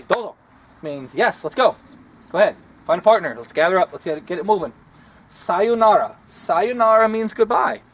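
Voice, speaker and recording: A man, a martial arts instructor giving a rambling, self-deprecating outdoor lesson. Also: fairly high pitch. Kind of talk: casual instructional talk.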